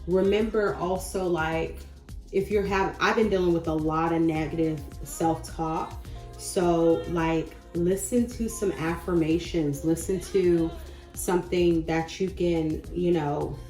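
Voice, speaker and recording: A woman in her thirties talking casually and encouragingly to camera about faith and change, chatty and goofy, with sudden loud bursts. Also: on the low side. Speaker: spiritual vlogger. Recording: echoey room with faint music.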